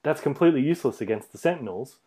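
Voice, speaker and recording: Casual male podcast co-host, mid-pitched, rambling and laughing through movie talk. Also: animated, very fast, warm tone, breathy edge. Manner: rambling, many fillers, laughs often.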